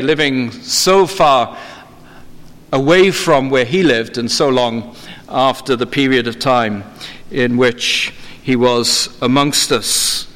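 A man preaching a sermon in a measured, formal way, slowing down for emphasis. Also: mid-range voice, fairly bright tone. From England. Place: church. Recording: long hall reverb.

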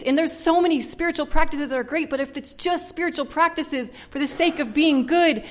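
Earnest woman giving a personal testimony. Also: high voice. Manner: earnest, conversational, with frequent "like". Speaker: speaker sharing her testimony.

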